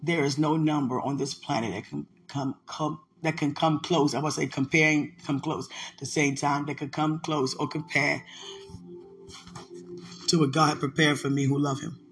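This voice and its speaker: A woman's voice: deep voice, steady tone, normal speed, faint music behind. A woman in a casual spiritual vlog, speaking emotionally and prayerfully, tenderly addressing unseen listeners.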